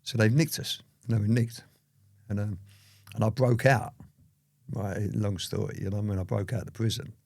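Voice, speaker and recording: A man telling his daughter stories from his life in a lively, anecdotal way. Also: on the low side, normal speed, creaky, long pauses, no room sound, clean studio sound. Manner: lively anecdotal storytelling, full of "you know what I mean". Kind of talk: casual storytelling interview.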